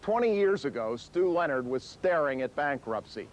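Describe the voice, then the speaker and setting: A man's voice: a little high, lively intonation, normal speed, rough recording. A man presenting a business documentary in an assured, emphatic way. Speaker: narrator, business commentator.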